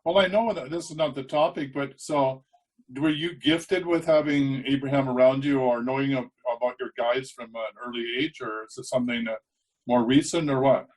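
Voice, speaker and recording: A man's voice: medium pitch, normal speed, a little mellow, poor audio. A man hosting a casual interview show, asking long, rambling questions. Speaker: podcast host.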